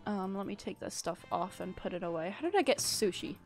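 A woman's voice: mid-range voice, lively intonation, a little fast, darkish tone, soft background music. A young woman live-streaming a building game, chatting casually and thanking viewers in a gushing, rambling way. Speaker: livestreamer.

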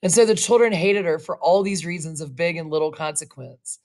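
Expressive woman reading a story aloud. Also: fairly low pitch. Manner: slow, expressive storytelling with casual asides. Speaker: reader.

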